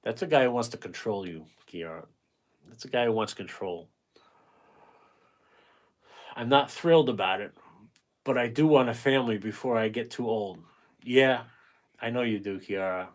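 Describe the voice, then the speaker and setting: A man's voice: medium pitch, moderate pace, pauses often. A man in his forties hosting a casual livestream, reading out viewer comments and giving blunt, rambling advice, swearing freely and breaking off mid-thought. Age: 40s. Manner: gives frank dating advice to viewers by name. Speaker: painting livestream host.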